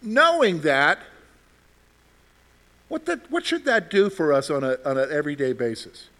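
A man's voice: a little high, expressive, moderate pace, bright, forceful tone. A man leading a Bible study class as its teacher, asking the group questions and often checking in with "okay?". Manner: keeps checking in with "okay?", repeats phrases. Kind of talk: interactive class discussion.

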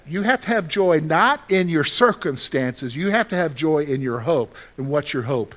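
Animated high-voiced male pastor preaching. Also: normal speed, few pauses. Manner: animated, asks the congregation questions and answers them; acts out his own panicked reactions for humor. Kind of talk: sermon.

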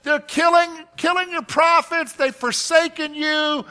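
A man's voice: very high voice, steady tone, measured pace, sharp tone, voice pushed up, full character voice. A male preacher voicing a despairing male prophet who cries out in a pleading, raised and strained voice. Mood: despairing plea.

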